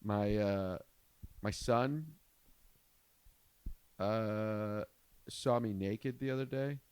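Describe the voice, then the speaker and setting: A man in his thirties, a comedian hosting a podcast, telling a profane family story in an animated way. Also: fairly low pitch, drawn-out words, clean tone, no room sound. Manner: animated, profane, rising to shouts at the punchlines.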